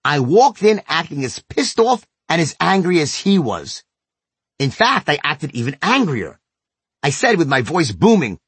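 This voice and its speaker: Husky, lively-voiced male sales trainer. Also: a little high, a little slow, no echo. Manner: blunt and emphatic, with occasional swearing. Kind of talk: instructional narration.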